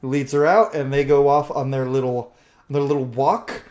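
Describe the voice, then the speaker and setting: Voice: medium pitch, steady tone, moderate pace, a little mellow. A game master narrating a tabletop game in a casual, rambling way with lots of fillers.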